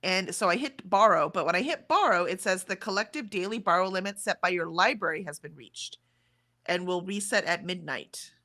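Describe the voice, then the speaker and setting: Woman in her forties, livestream co-host, bright and chatty, reads chat aloud. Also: fairly low pitch, moderate pace. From Texas, USA. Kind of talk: casual chat reading out live chat.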